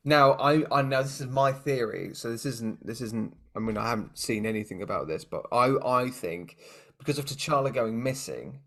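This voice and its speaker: A man from the UK with a British accent, co-hosting a casual podcast chat. He muses and speculates as he goes, often trailing off and padding his thoughts with "kind of". His pitch sits in the middle range for a man. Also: moderate pace, creaky, fairly bright tone. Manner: musing, thinks aloud with many "kind of"s. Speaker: podcast co-host.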